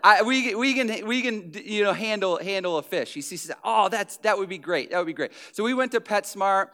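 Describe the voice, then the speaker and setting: A man's voice: high-pitched, lively intonation, brisk, sharp tone. A middle-aged man casually telling a personal anecdote, chatty and self-deprecating, full of fillers and restarts. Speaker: storyteller.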